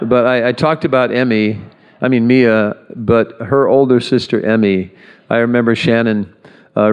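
A male pastor praying and preaching a conversational sermon before communion, earnest, with pauses and restarts. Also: on the low side, darkish tone, smooth, muffled recording. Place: large church hall. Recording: echoey hall reverb.

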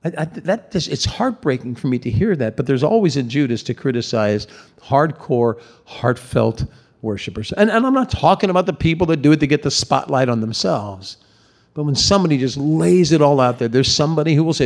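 A man's voice: a little high, big pitch swings, moderate pace. A man preaching a sermon in a conversational, emphatic way, often repeating words for stress.

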